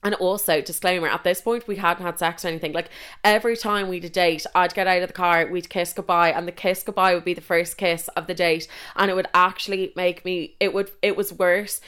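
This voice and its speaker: A woman's voice: on the low side, steady tone, fairly quick, a bit bright, smooth. A young woman with an Irish accent telling a story casually, chatty and full of swearing and "like". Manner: chatty, swears a lot, constant "like".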